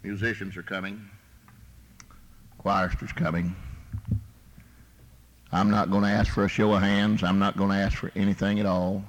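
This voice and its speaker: A man preaching a sermon as pastor, with a folksy manner, rising to shouted emphasis. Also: low voice, flat delivery, normal speed, long pauses.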